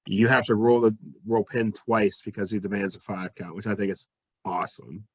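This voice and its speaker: A man's voice: fairly low pitch, flat delivery, moderate pace, husky, dry recording. A man co-hosting a podcast in casual chat, mostly giving brief agreeing remarks. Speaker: podcast co-host.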